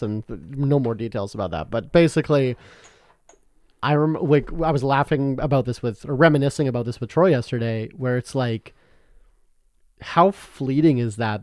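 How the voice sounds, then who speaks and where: Young man from Canada, podcast co-host, loose rambling chat, medium pitch, dry close mic. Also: darkish tone, no room sound. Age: young adult. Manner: rambling, laughs often, swears casually. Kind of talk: casual chat.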